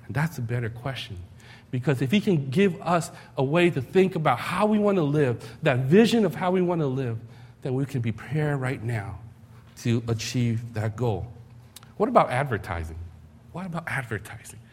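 A man's voice: mid-range voice, lively intonation, normal speed, darkish tone, husky. A man preaching a sermon in a conversational way, telling stories with rhetorical questions and self-deprecating humor. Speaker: pastor.

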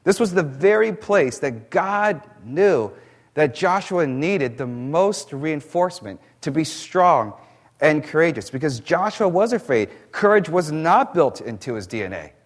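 A man's voice: a little high, big pitch swings. Man preaching a sermon. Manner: reads scripture slowly, then explains in plain conversational asides. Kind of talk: sermon with scripture reading.

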